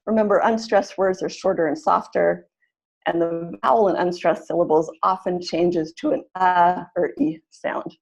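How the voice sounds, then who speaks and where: A woman leading a webinar for language teachers, explaining in a practical teaching tone and slowly modeling example sentences. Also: fairly low pitch, vocal fry, rough recording. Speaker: teacher trainer. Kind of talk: webinar presentation. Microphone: computer mic in an online webinar.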